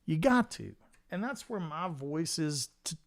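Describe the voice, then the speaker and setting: A man, hosting a casual guitar livestream, talking in an animated, rambling way and often repeating his words. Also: fairly high pitch, a little slow. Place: home studio.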